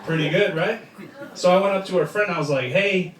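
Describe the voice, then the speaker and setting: A brash man performs a crude stand-up set, his voice sitting fairly high as he mocks and jabs through punchlines. He is recorded from a distance in a roomy club, with loud crowd laughter rolling around him. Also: quick pace, noisy background. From United States. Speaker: stand-up comedian. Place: comedy club stage before a live crowd.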